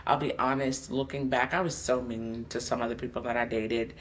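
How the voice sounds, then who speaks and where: A woman's voice: extremely low pitch, steady tone, fairly quick, few pauses. Candid woman coach hosting a podcast. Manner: candid, emotional, speaks directly to listeners. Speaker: life coach and podcast host. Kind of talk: personal motivational podcast monologue.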